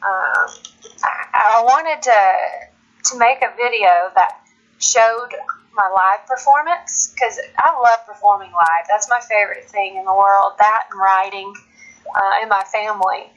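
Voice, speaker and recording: A woman's voice: mid-range voice, measured pace, a bit bright, lo-fi sound. A woman singer-songwriter from Alabama, chatting as a guest in a casual phone interview, laughing often and restarting her sentences.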